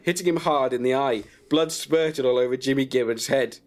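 A man narrating a comic story in a deadpan way, chuckling at his own jokes. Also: mid-range voice, moderate pace, few pauses, soft background music. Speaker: comedian storyteller.

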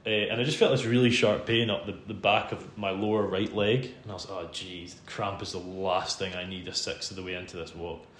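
Deep, steady and fairly quick with few pauses, a Scottish man's voice carries a long, casual story in a podcast interview. Normally the host, he's the guest this time, chatty and self-deprecating with plenty of laughs. Roomy acoustics and faint background hum.

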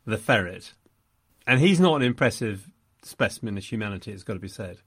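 A man's voice: on the low side, lively intonation, brisk, fairly bright tone, breathy edge, dry recording, studio quality. A man chatting about a film with wry, mock-indignant humour. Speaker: film podcast co-host. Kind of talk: casual film discussion.

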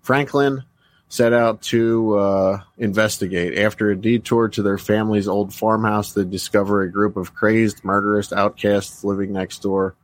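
Lowish guy on a podcast reading movie trivia, lots of uhs, dry sound. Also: flat delivery, normal speed, no echo. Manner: reads movie facts with frequent "uh" fillers. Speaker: podcast co-host. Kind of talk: casual live podcast chat.

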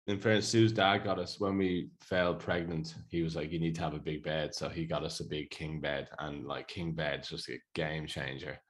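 A chatty Irish man with a very low voice co-hosts a relaxed radio chat. He tells long stories and laughs easily. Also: moderate pace, hardly any pauses. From Ireland. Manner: chatty storyteller, laughs often.

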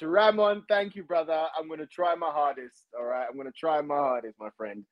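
Man, animated guest chat, fairly high voice, muffled lo-fi sound. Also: brisk, hardly any pauses. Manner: animated, repeats himself, says "mate" and "bro". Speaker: podcast guest, actor. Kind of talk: casual chat.

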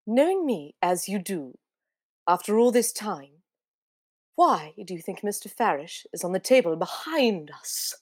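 A woman's voice: mid-range voice, very animated, a little slow, a little mellow, no room sound, clean studio sound. Woman doing a stern older Scottish physician. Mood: firm. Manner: composed, firm, slightly posh.

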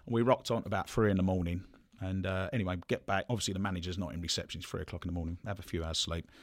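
A man from telling football stories in a relaxed, chatty way, laughing often. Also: deep voice, very fast, no room sound. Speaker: podcast guest, former footballer. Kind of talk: casual anecdote telling.

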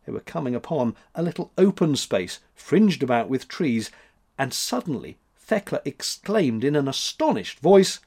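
Male storyteller, expressive and lively, with a medium pitch. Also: normal speed, husky. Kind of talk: storybook narration.

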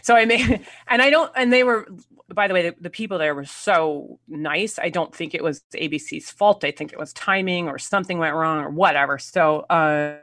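Woman guest, lowish and bright voice, animated storyteller, dry close sound. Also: normal speed, no echo. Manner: animated storyteller, acts out quotes, laughs often. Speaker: actress guest. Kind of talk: casual anecdote telling.

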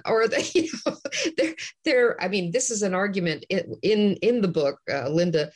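A woman's voice: medium pitch, animated, moderate pace, a little mellow. Passionate, ranting female guest. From Canada. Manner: passionate, ranting, many restarts. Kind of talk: animated interview talk.

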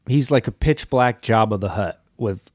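A man's voice: on the low side, normal speed, husky, dry recording. Easygoing guy on a podcast chatting while snacking, dry close mic. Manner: laid-back, rambling, joking along. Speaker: podcast co-host. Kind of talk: casual remote podcast chat.

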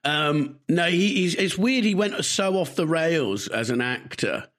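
A man's voice: a little high, lively intonation, fairly bright tone. A man co-hosting a podcast in casual chat, telling stories and laughing often. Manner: chatty storyteller, laughs often, quick asides. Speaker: podcast co-host.

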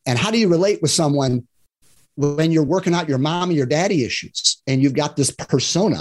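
A man with a higher-than-average voice talks fairly quickly. He's a divorce and love coach in a casual podcast conversation, earnest and explanatory, acting out examples in other voices and frequently checking in with "right?"

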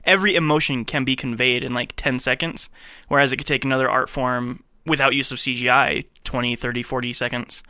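A man co-hosting a podcast in casual chat, jokey and quick to laugh. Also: mid-range voice, steady tone, pushed and bright, no echo, studio quality. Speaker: podcast co-host.

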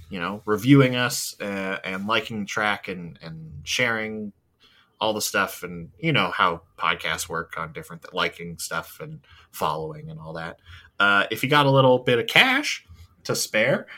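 Man podcast co-host, lowish voice, bright tone, rambling casual chat, lots of fillers. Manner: rambling, many fillers, swears.

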